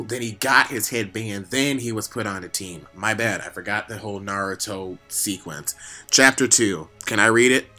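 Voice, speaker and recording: A man with a bright voice chips in with teasing, deadpan asides during a casual read-aloud with a friend. His talk is loose and conversational. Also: medium pitch. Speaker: co-reader. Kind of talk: casual banter.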